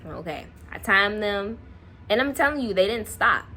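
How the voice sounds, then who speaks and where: A young woman vlogger casually telling a personal story to camera, animated and laughing often. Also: medium pitch, moderate pace, slight background noise. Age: young adult.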